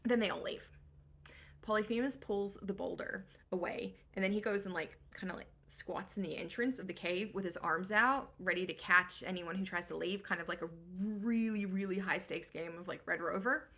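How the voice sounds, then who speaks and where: A woman's voice: mid-range voice, moderate pace, pushed and bright. A young woman giving a comedic book recap in a breezy, slangy, irreverent way.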